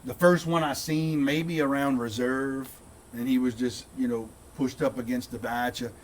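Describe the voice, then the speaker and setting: A man's voice: medium pitch, steady tone, moderate pace, far from the mic, a little hiss or hum. A middle-aged man, telling a long story in a casual, rambling way with lots of repeated words. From St. Bernard Parish, Louisiana. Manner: rambling, repeats words, says "dude" often. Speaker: guest, content creator.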